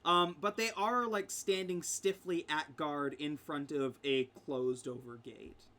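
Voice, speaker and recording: A man's voice: a little high, fairly even intonation, a little slow, pushed and bright. A man narrating as game master for a tabletop game, with frequent ums and easy laughter. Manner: laughs often, many ums.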